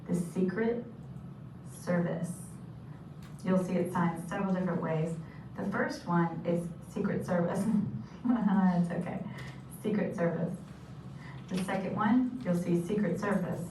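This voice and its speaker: A woman's voice: lowish voice, a little slow, pauses often. A woman teaching sign language vocabulary, patiently saying each term and repeating it. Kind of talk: instructional explanation. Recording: echoey room from a distance with noise.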